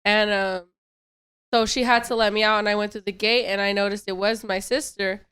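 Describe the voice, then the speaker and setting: A woman's voice: mid-range voice, steady tone, normal speed, a bit bright, clear, resonant tone. A young adult woman telling a story in casual podcast chat, rambling and repeating herself.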